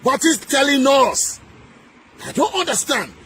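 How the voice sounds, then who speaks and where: Nigerian guy on a fiery political rant, very high voice, sing-song, keeps repeating himself. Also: big pitch swings, a little slow, slight background noise. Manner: emphatic, repeats phrases, sing-song rises and shouted bursts. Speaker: political commentator.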